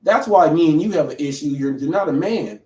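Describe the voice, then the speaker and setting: A man's voice: on the high side, animated, a little fast, darkish tone, distant mic. A man hosting a livestream, confrontationally calling out a rival in a rambling rant with frequent restarts. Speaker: livestream show host. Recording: echoey room, voice off-mic.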